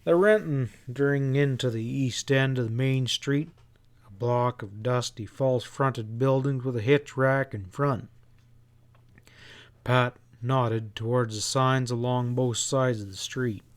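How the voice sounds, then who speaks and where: Slow, smooth-voiced male audiobook narrator. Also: mid-range voice, steady tone.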